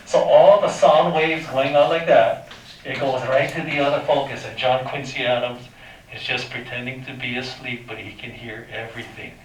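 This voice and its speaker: A man's voice: mid-range voice, steady tone, moderate pace, a little hiss or hum. A man teaching a math lesson to a class, talking informally, quizzing his students and making sound effects. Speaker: high school math teacher. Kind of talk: classroom lecture. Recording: echoey classroom from far off.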